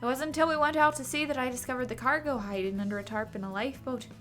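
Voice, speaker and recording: A woman's voice: fairly high pitch, normal speed, sharp tone, faint music behind. A woman voicing an older male sea captain with a put-on accent, telling a story and stumbling over long words. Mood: reminiscing.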